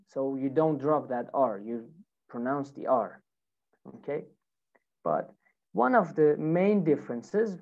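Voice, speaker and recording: A woman with an American accent teaches pronunciation online. Her voice is low and mellow, and she speaks slowly, repeating each word for her learners. The audio is dull and lo-fi. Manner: slow, repeats words for learners. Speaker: English teacher.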